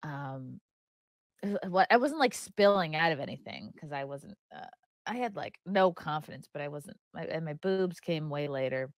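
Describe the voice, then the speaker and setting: A woman hosting a podcast, chatting casually with quick, joking asides. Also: sits low, animated, no echo, studio quality. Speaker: podcast host. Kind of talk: casual chat.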